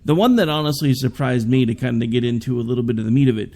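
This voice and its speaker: A man's voice: medium pitch, fast talker, darkish tone. A man hosting a political talk show, chatting casually and giving opinionated takes with sarcastic asides. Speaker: podcast host.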